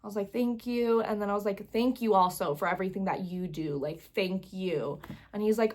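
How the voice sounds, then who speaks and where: A woman's voice: medium pitch, a little fast. A young woman telling a concert story in a casual vlog, gushing and rambling with lots of fillers, sometimes close to tears. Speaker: vlogger.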